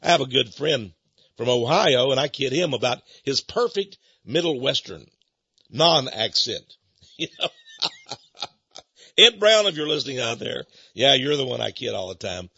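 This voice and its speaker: A man with a Texan accent hosting religious radio talk, booming and prone to impassioned rants. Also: animated, unhurried, creaky, sharp tone, breathy edge, no echo. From Texas. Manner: booming, gets carried away into impassioned rants. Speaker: radio host. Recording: dull lo-fi radio broadcast.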